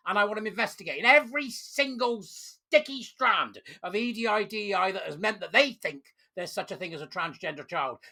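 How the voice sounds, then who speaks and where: Commentator, angry rant to camera, bright forceful tone with a gravelly rasp. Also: medium pitch. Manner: furious, ranting, emphatic. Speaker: online commentator.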